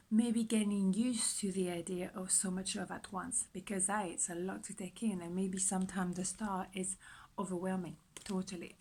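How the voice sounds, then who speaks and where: Soft-spoken woman giving a tarot reading. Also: mid-range voice, low-quality recording. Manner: soft-spoken, often dropping to a whisper; chatty, repetitive, self-reassuring. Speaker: tarot reader. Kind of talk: pick-a-card tarot reading.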